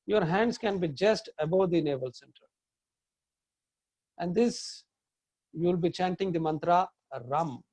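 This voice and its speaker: Man, meditation teacher, high mellow voice, calm slow breathing cues, dry close sound. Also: no echo. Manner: slow calm instructions, chants mantras in long tones. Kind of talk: guided chakra meditation.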